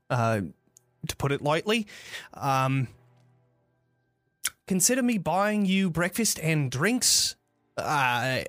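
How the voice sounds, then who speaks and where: Guy doing a gruff cussing traveler in a tabletop game, slow and hesitant. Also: fairly high pitch, a bit bright, dry recording. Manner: gruff, blunt, drawn-out and hesitant. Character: brash swearing male traveler, blunt.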